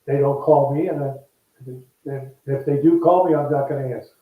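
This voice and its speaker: A man's voice: medium pitch, moderate pace. An older man, a former ballplayer, telling stories in a casual interview and acting out the voices in them. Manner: animated, acts out quoted voices. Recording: echoey, distant, dull remote line.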